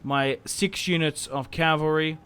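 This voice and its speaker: A man's voice: on the high side, steady tone, unhurried, fairly bright tone, smooth. A young man giving casual, joking commentary over his own strategy game, often trailing off and restarting. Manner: chatty, joking, self-interrupting. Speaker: gaming channel host.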